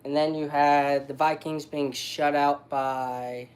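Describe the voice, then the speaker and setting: A man's voice: on the high side, flat delivery, slow. A man giving a casual recap of football results, listing them one game after another. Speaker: family member recapping sports.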